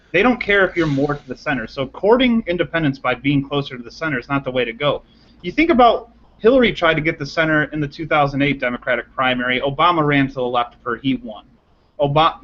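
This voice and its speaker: Argumentative man on a lo-fi call. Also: on the high side. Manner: argumentative, repeats points for emphasis. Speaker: panelist. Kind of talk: political discussion.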